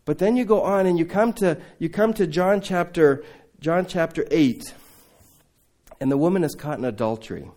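A man preaching a sermon to a congregation, telling Bible stories in a lively way, acting out the dialogue and turning to his listeners with asides. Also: fairly high pitch, moderate pace. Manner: animated storytelling, acting out biblical dialogue. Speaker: preacher raising funds for a mission training center.

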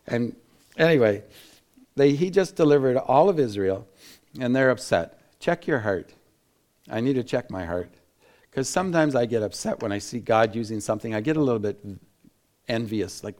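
A man preaching a Bible teaching in an animated way, laughing and acting out quotes, with frequent restarts. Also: medium pitch, moderate pace. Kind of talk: sermon-style Bible teaching.

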